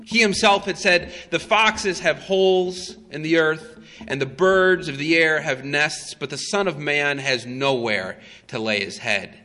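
Bright-voiced preacher in a reverberant hall. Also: male voice, fairly high pitch. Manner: slow, emphatic storytelling with frequent "uh" fillers. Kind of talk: sermon.

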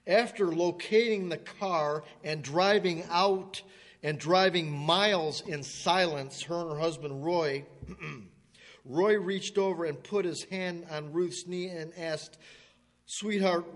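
A man preaching, telling a story in a folksy way, stammering now and then and clearing his throat as he acts out the people in it. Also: a little high, slow. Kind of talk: sermon illustration storytelling. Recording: long hall reverb.

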